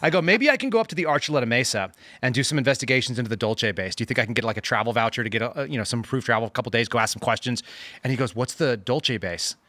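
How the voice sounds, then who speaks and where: Brief: quick, bright male storyteller, dry close mic, acts out dialogue. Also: medium pitch, dry recording. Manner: animated anecdote teller, acts out dialogue. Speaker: guest, former FBI agent. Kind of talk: casual panel chat, storytelling.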